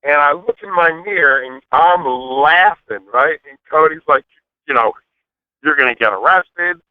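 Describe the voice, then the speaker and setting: Brash male phone guest, lively storyteller, higher voice, tinny phone-line sound. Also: unhurried, dry recording. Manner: brash, swearing, laughs at his own story. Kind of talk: animated storytelling.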